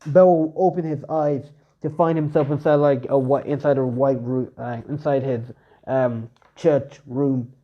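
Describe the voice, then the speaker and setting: A man's voice: medium pitch, steady tone, a little slow, lo-fi sound. A young man improvising a fan story narration, rambling with heavy fillers.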